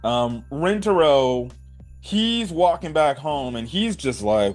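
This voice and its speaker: A young man excitedly recapping an anime episode in a rambling, casual way, full of "bro" and "right?". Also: fairly high pitch, slow pace, soft background music. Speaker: anime reviewer.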